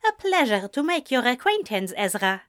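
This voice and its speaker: A woman reading an audiobook, voicing a cheerful young female shop worker with a Spanish accent and a bright, teasing manner. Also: a little high, big pitch swings, normal speed, voice pushed up. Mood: friendly teasing.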